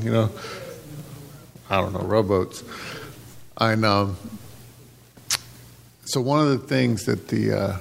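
Man, low voice, gravelly, casual preacher, reverberant church hall. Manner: casual, many "like" and "you know" fillers. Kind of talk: informal sermon storytelling.

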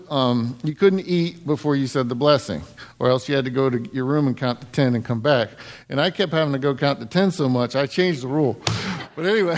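This middle-aged man preaches to a congregation in an easygoing, conversational style. Frequent laughter punctuates his sermon, and his voice leaps higher whenever he performs a line.

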